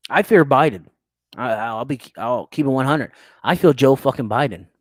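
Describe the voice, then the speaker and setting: A man's voice: medium pitch, normal speed, no room sound, studio quality. A young man, hosting a crude, teasing podcast chat and laughing often. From United States. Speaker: podcast host. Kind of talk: casual chat reading live chat.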